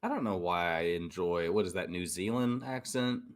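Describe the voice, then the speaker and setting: A man's voice: sits low, normal speed. A young man chatting casually on a call, making laid-back, wry remarks while watching a show.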